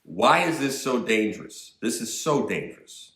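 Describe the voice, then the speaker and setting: A man's voice: on the low side, very animated, normal speed, fairly bright tone, reverberant. A man giving an indignant, emphatic political rant, repeating phrases for stress and slipping in mocking asides. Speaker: political commentary vlogger. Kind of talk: ranting commentary.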